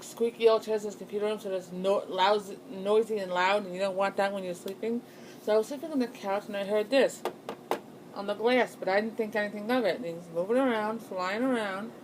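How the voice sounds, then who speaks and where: A woman's voice: mid-range voice, a little mellow, slight background noise, poor audio. A young woman telling a personal ghost story in a casual, rambling way, full of fillers and restarts. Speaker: channel host.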